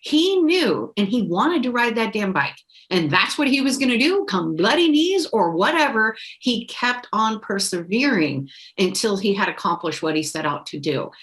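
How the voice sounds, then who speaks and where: A mother telling a personal story in a conversation, animated and expressive. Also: medium pitch, normal speed, poor audio. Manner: animated storyteller, acts out voices in quotes. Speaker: podcast guest.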